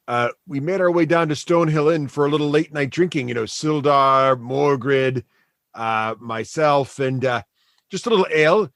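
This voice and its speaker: A man's voice: on the high side, fairly bright tone, no room sound, clean studio sound. A man voicing a male dwarf prisoner who rambles with lots of "uh" fillers and puts on a mock Canadian accent, tacking "eh" onto his lines. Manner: attempted Canadian accent, tacks on "eh"; halting, many "uh" fillers.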